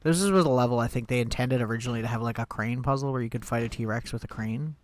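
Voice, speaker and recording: A man streaming a game talks it through in a relaxed, chatty way, thinking aloud and dropping wry, sarcastic asides. His voice sits at an ordinary mid pitch. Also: quick pace. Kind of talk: casual gameplay commentary.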